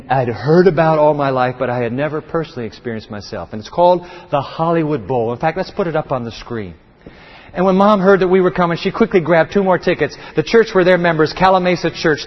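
A middle-aged male pastor preaching an impassioned sermon, often repeating words and restarting sentences. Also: sits high. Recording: reverberant, dull lo-fi sound.

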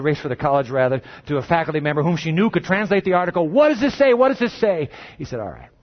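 In the midst of a sermon, a man narrates a story dramatically, sinking into a slow, low voice whenever he wants emphasis. The audio quality is dull and lo-fi.

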